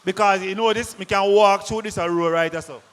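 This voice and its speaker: High-voiced Jamaican man pitching to a hall. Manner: energetic, quizzes the crowd with rapid questions. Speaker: product presenter at a farmers' forum. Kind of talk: lively sales presentation to a live audience. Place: large conference hall. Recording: long hall reverb.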